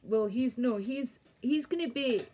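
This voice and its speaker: A young woman with a higher, mellow voice talks unhurriedly on a live stream from her bedroom. She rambles crudely and laughs, and the lo-fi stream audio sounds dull.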